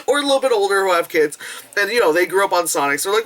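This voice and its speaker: A young adult woman chatting casually through a movie review, animated and giggly, swearing freely and acting out squealing quotes. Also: lowish voice, racing.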